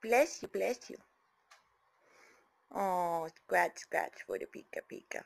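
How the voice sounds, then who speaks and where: A woman talking baby talk to her pet bird at home, cooing and sometimes dropping to soft whispers. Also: lowish voice, takes it slowly, gravelly.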